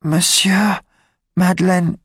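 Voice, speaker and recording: A young woman begs in a raised, breathless voice, her words slow and strained, as a male reader puts her on. The storybook recording is close and dry, with no room sound. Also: little pitch movement, fairly bright tone, husky, no room sound, heavily acted. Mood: weak, tender. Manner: high, breathless pleading. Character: young desperate pleading woman. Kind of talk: graded-reader audiobook.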